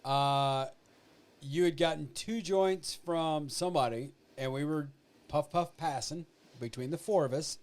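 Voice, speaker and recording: A man co-hosting a podcast who tells a story in casual chat, going through the details one by one. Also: fairly high pitch. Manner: deliberate, listing details one by one.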